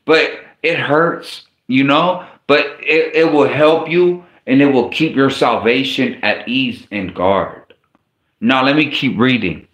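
A man's voice: medium pitch, takes it slowly, a bit bright. A man preaching an informal sermon and reading scripture aloud, speaking in a casual, slangy way with frequent stumbles and restarts. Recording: echoey room.

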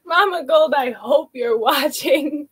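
High-voiced, gushing woman livestreaming. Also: slight background noise. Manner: excitable, gushing, laughs often, close to tears. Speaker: livestream co-host thanking viewers. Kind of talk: casual livestream chat.

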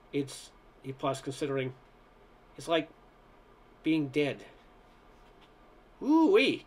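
A man's voice: medium pitch, a little hiss or hum. A man reading a short story aloud, narration and dialogue in one voice, stumbling and restarting on some words. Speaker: amateur reader.

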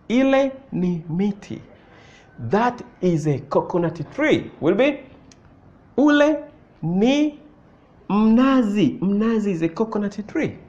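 A man teaching a language lesson, slowly repeating example phrases and asking learners whether they follow. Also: sits high, a little mellow. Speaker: Swahili teacher. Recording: dull lo-fi sound.

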